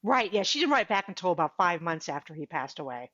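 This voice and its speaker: A woman's voice: fairly low pitch, quick pace, dry recording, muffled recording. A woman guest on a podcast interview, telling her story with animation and acting out what people said. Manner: animated, acts out quoted dialogue. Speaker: podcast guest, author and speaker.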